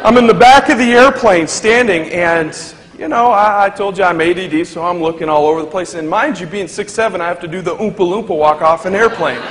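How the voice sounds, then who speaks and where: High-voiced male speaker in echoey hall. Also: a little fast, few pauses. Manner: animated, acts out the people in his story. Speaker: motivational speaker. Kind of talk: comic storytelling to a live audience. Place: large hall with a live audience. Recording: echoey hall with crowd laughter and noise.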